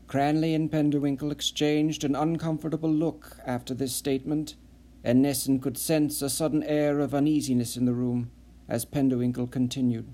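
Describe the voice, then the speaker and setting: A man reading an unabridged audiobook novel, narrating in a measured, even way. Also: mid-range voice. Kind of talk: scripted narration.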